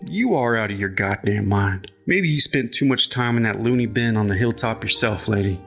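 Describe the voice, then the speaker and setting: A man doing a gruff, scornful small-town cop. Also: fairly low pitch, normal speed, soft background music. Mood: mocking. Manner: shouting, scornful. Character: gruff bigoted male small-town police officer.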